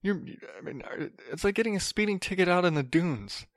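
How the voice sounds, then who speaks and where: A man's voice: sits high, animated, brisk, no echo, studio quality. Rambling, sarcastic man hosting a podcast. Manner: rambling, repeats and restarts words, sarcastic asides. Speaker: podcast host. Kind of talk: casual solo podcast monologue.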